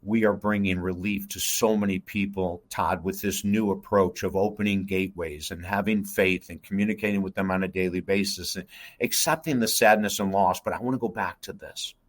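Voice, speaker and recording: A man's voice: low voice, steady tone, a little fast. A middle-aged man, a guest life coach, telling an emotional personal story in an earnest, intense way. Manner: earnest, intense, addresses host by name.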